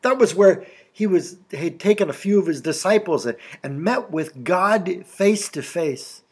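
A man's voice: high-pitched, expressive, unhurried, a little mellow, slightly rough. A middle-aged male pastor giving a sermon in a conversational preaching style, often asking his listeners rhetorical questions. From Canada.

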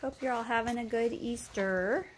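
A woman dog breeder filming her puppies, chatting casually to viewers and praising the pups in a high sing-song voice. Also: normal speed, a little hiss or hum. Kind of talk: casual vlog narration while filming puppies.

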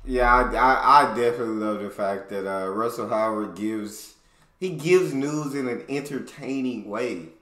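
A man's voice: mid-range voice, moderate pace, echoey room. An American man making a reaction video, chatting casually and enthusiastically to his viewers. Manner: relaxed, enthusiastic, says "bro".

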